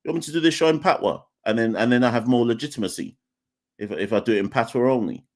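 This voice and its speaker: A man's voice: medium pitch, fast. A young man with an English accent, born in Jamaica, hosting a live call-in podcast in a rambling, conversational way full of restarts. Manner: rambling, self-correcting, conversational. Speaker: podcast host.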